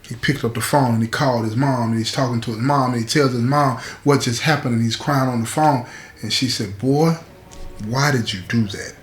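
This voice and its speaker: A man's voice: medium pitch, steady tone, brisk, roomy sound, soft background music. A man hosting his show, telling a prison story in a streetwise, conversational way and often checking in with the listener. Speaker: host. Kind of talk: storytelling to camera.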